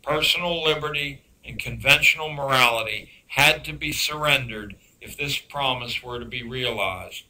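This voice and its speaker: A man giving a public lecture on education, emphatic and dryly sarcastic, slowing down to stress key words. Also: mid-range voice, sharp tone, rough recording. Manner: dry sarcastic asides.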